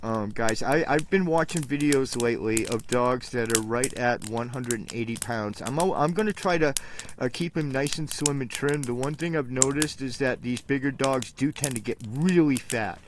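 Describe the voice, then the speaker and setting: A man's voice: medium pitch, normal speed. Man, live-stream host, casual and rambling, recorded outdoors with noticeable background noise. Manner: chatty, coaxing his dogs in a sing-song voice. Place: outdoors by a campfire on a mountainside at night. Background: crackling fire, dogs.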